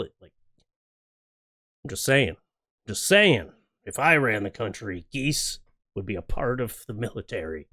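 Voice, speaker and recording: A man hosting a clip-reaction show, ranting in a casual, sarcastic, jokey way. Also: medium pitch. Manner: sarcastic, jokey rants with exaggerated acted quotes. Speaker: YouTube reaction host. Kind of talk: casual comedic commentary on clips.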